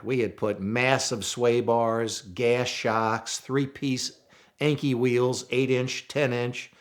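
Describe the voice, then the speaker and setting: Animated man telling a road story. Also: medium pitch. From St. Louis, USA. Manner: animated, repeats words when excited. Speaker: storyteller guest. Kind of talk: casual storytelling.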